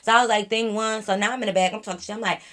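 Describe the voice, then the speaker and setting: A woman's voice: mid-range voice, very fast. A young woman vlogger telling a casual story, blunt and profane, acting out what her friends said. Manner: animated, blunt, profane, acts out quoted friends.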